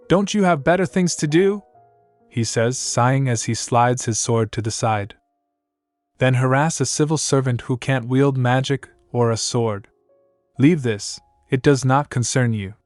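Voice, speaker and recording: A man narrating a manhwa recap, reading the story and the characters' lines in one steady voice. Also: medium pitch, dry recording.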